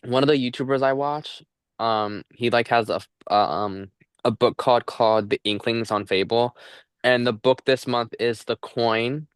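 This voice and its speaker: A young adult man co-hosting a casual book chat, relaxed and halting, often stumbling over words. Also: medium pitch, smooth, no room sound, clean studio sound. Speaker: co-host of a book podcast.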